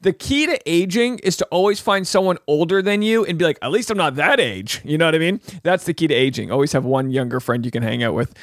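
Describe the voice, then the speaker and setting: Joking man with a bright voice. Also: fairly high pitch, lively intonation, dry recording, studio quality. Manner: jokey, rambling, does quick mock voices for quotes. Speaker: podcast host recapping a reality show. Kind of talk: comedic show recap.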